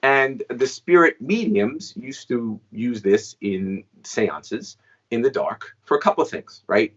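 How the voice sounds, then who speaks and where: Man, fifties, low voice, chatty storyteller, interview guest, muffled lo-fi audio. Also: fairly bright tone. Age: 50s. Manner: chatty, frequent "right?" asides. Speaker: guest magician and inventor.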